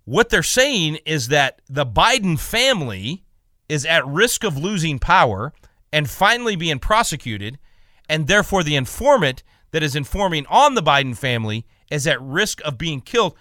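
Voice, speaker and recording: Animated, indignant male radio host. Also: on the high side, moderate pace, no echo, clean studio sound. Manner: emphatic and indignant, stammering restarts. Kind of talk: opinionated talk radio commentary.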